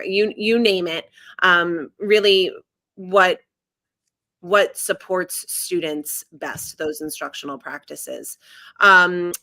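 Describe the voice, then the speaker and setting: Woman, New Jersey accent, bright forceful tone, lower pitch, animated interview guest. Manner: animated, quick, with fillers. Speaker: guest consultant. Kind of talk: conversational interview.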